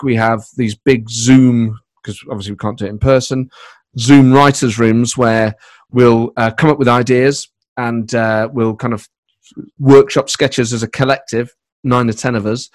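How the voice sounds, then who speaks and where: A man in casual interview chat, recorded on a laptop microphone in his spare room at home. He rambles, restarts his sentences and slips into quick put-on voices. The sound is very dry and close, with a middle-pitched voice. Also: dry recording. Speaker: comedy writer and voice performer.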